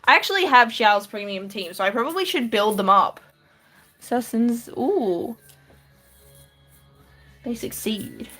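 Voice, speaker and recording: A woman's voice: on the high side, lively intonation, measured pace, long pauses, sharp tone, soft background music. A woman from Australia with an Australian accent, live-streaming from her room and chatting casually with her viewers, laughing lightly as she answers. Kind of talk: casual live-stream chat while drawing.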